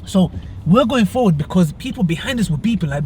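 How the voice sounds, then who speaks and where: A man's voice: high-pitched, expressive, fairly quick, dark tone, slight background noise. A young man, casually retelling a road argument in a vlog from his car. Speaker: vlogger. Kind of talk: casual storytelling.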